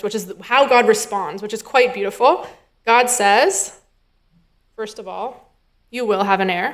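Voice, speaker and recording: A woman's voice: medium pitch, a bit bright. Woman rabbinic intern preaching in a chatty, thinking-aloud style; mid-range voice. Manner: conversational, thinking aloud with fillers and quoted dialogue. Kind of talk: sermon. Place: synagogue sanctuary.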